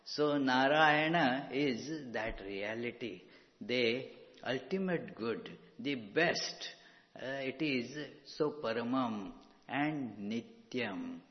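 Slow, measured male spiritual teacher. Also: medium pitch, lively intonation. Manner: slow, measured, with frequent pauses and fillers. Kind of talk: scripture lecture. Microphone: microphone. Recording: dull hall recording with long reverb.

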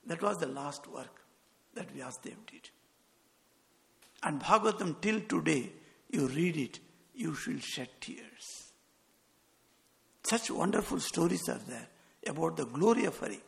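A man's voice: fairly high pitch, expressive, measured pace, vocal fry, pauses often. A man, a monk giving a sermon with earnest storytelling and quoted dialogue. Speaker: monk giving a spiritual talk. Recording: long hall reverb.

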